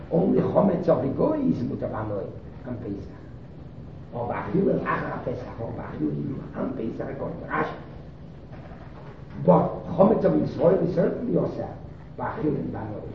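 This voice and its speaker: A man's voice: on the high side, creaky, slight background noise. A man teaching a Talmud lesson, explaining in short repeated phrases that restart and press on key points. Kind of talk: Talmud study lecture. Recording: very echoey room, distant mic, dull sound.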